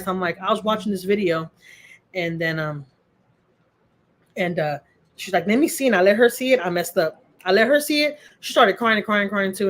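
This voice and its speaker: A middle-aged woman, hosting a casual livestream from home, chatting with viewers in a heartfelt way and repeating phrases for emphasis. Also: medium pitch. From Texas. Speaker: livestream host. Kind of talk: casual livestream chat answering viewer comments.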